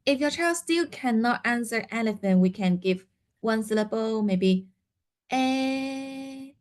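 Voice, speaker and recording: A woman's voice: on the high side, moderate pace. A woman teaching a seminar for parents, explaining step by step with many fillers and acting out what parents and children might say.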